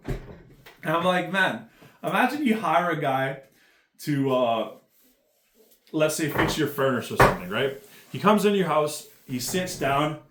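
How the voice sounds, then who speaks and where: A man's voice: fairly high pitch, sing-song, unhurried, pauses often, a bit bright, echoey room. A man giving a casual, profane commentary rant, rambling and full of fillers. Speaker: MMA commentary YouTuber.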